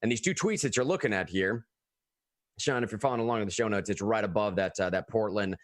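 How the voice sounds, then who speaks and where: A man talking casually about politics as a podcast co-host, animated and often restarting his phrases. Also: lowish voice, quick pace, no echo, studio quality.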